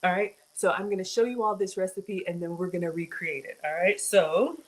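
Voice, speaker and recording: A woman's voice: fairly low pitch, steady tone, a little fast, low-quality recording. Chatty woman hosting a cooking stream. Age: middle-aged. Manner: chatty, greets viewers by name. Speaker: cooking show host. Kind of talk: casual livestream chat.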